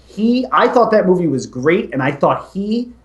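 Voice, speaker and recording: Male co-host, opinionated movie banter, lively delivery, roomy echo. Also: sits high, moderate pace, muffled recording. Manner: opinionated, animated. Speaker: podcast co-host. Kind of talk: casual movie talk.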